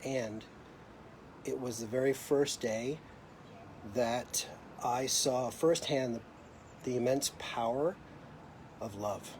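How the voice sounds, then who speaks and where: A middle-aged American man speaks into a phone or webcam on a live stream, reflective and hesitant, pausing often and restarting his sentences. His voice is mellow and warm, sitting at an ordinary pitch. A faint hiss of noise runs under the recording. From United States. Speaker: host of a live video. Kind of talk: casual personal storytelling.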